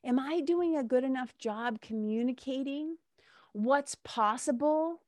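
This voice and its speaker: A woman's voice: high-pitched, a little slow, darkish tone, dry recording, clean studio sound. Chatty, candid woman spiritual mentor. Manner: candid and chatty, with frequent swearing and laughter. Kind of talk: casual monologue.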